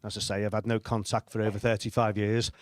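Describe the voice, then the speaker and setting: A man's voice: fairly low pitch, level tone, quick pace, no room sound. A middle-aged man telling stand-up stories on a comedy club stage, with a dry, self-deprecating delivery and frequent chuckles. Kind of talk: stand-up storytelling.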